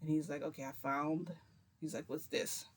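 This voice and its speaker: A woman's voice: sits low, flat delivery, fairly quick, a little hiss or hum. A woman vlogger telling a long personal story to camera in a casual, rambling way, quoting herself and others. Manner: rambling, retells with many "I'm like" quotes.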